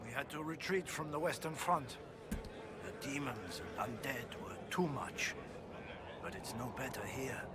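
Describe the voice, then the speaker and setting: An actor playing a weary middle-aged male army marshal who talks formally and gruffly and scorns rebels. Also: medium pitch, expressive, a little slow, background noise, close to an everyday voice.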